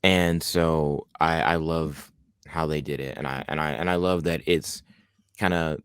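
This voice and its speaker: Very deep-voiced man, casual film chat. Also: fairly even intonation, a little slow, clean tone, no echo, studio quality. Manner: rambling, many restarts, enthusiastic. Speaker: podcast co-host.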